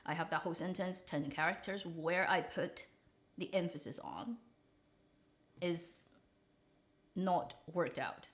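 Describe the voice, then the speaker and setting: Blunt, animated woman drama reviewer. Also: lowish voice, slow, long pauses. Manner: opinionated, blunt, animated critique. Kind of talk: casual commentary livestream.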